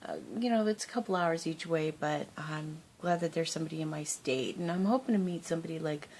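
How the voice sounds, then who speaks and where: A woman's voice: low-pitched, fairly quick, a little mellow, a little hiss or hum. A woman chatting casually to her camera as a crafting vlogger, rambling and laughing often.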